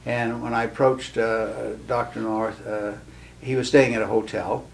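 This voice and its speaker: A man in his seventies, an interview guest recalling early days, speaking haltingly and pausing often as he tells his story. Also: medium pitch, little pitch movement, creaky, slight background noise. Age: 70s. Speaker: guest, guild president. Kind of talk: reminiscing interview talk.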